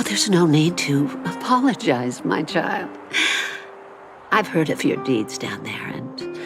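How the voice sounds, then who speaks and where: An elderly mother in a video game, low and unhurried. Her voice is soft and reassuring, tender toward her child. Game music swells clearly behind her. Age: older. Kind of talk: voice acting in a game cutscene. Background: game score music.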